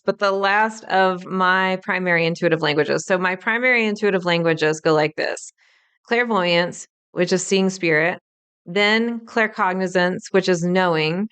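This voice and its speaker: A woman in her thirties hosts her own podcast and explains her subject in an upbeat, teacherly way. Her voice sits a little low for a woman and sounds smooth and clear. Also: a bit bright. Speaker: podcast host.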